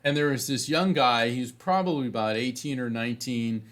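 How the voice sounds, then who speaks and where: Middle-aged man, interview guest, rambling storyteller, lots of fillers, medium pitch. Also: fairly quick, a bit bright. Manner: rambling, many fillers and restarts. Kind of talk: anecdotal storytelling in conversation.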